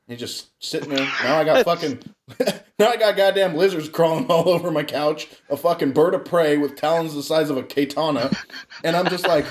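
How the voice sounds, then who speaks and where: A man's voice: fairly high pitch, brisk, slight background noise. A young man telling a wild childhood story in casual, profane chat, laughing often.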